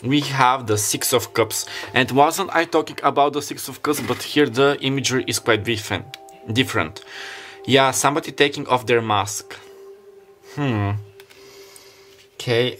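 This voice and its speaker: A man's voice: medium pitch, a bit bright. A man giving a casual tarot reading, rambling and free-associating as he lays out the cards. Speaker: tarot reader.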